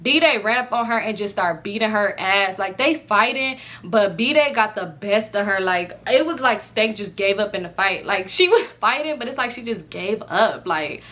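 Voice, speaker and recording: A young adult woman vlogger in casual storytime, talking in an animated, profane way and acting out what others said. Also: mid-range voice, normal speed, hardly any pauses. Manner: animated, profane, acts out quoted lines.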